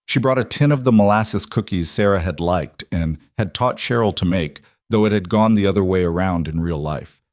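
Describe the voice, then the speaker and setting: A man narrating a scripted story in a steady, unhurried way. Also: on the low side, no room sound, studio quality.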